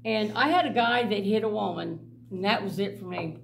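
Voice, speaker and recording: A middle-aged woman with a gravelly, creaky voice tells blunt, animated stories to a church group and laughs often. She was recorded on a mic set some way off, with faint noise underneath. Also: mid-range voice, fairly quick, recorded from a distance, low-quality recording. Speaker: mission director. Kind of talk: personal testimony to a church group.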